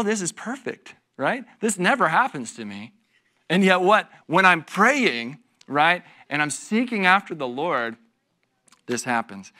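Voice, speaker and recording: Bright, animated male pastor. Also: fairly high pitch. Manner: animated, self-deprecating storytelling with laughs and asides to the congregation. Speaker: pastor teaching a Bible study. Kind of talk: conversational sermon. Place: church.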